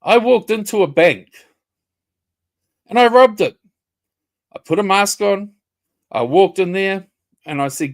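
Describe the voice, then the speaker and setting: A man's voice: high-pitched, measured pace, long pauses. A man ranting confrontationally on a casual livestream, swearing and repeating himself. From New Zealand.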